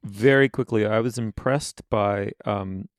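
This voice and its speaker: Male co-host, deep and gravelly, halting delivery, dry room. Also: dry recording. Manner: halting, many fillers. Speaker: podcast co-host. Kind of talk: casual chat.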